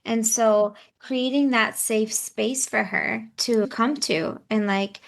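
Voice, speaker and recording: Slow, gravelly-voiced woman coach. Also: fairly high pitch, fairly even intonation. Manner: affirming, encouraging. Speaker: parenting coach, host. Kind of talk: coaching conversation.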